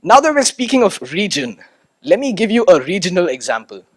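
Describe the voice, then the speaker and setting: A young man from India gives a motivational talk to an audience. His voice sits high and lively, full of rhetorical questions and calls to the crowd. He often doubles a word as he builds up to a point. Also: brisk. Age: 20s. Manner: animated, rhetorical, repeats words when starting. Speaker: student speaker. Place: stage at a talk event.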